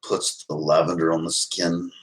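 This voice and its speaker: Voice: low voice, flat delivery, moderate pace, poor audio. A live-stream host in casual, playful chat with viewers, giggling often and teasing in a folksy way.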